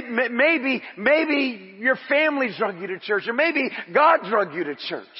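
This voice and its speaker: Male pastor, husky and high, fervent sermon delivery, muffled reverberant church sound. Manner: impassioned, rising to shouts. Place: church sanctuary.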